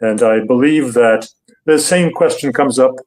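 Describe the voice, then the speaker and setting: An older male guest analyst with a mid-pitched voice lays out his views in an interview. He speaks deliberately, pausing often with fillers as he builds each point. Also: a little mellow, poor audio. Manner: deliberate, hesitant, with many fillers.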